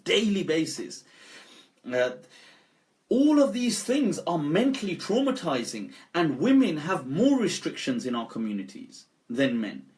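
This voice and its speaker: A man, an Islamic scholar, giving an animated live-stream talk and telling stories with frequent laughs. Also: on the high side, a little slow. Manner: animated storyteller, laughs often.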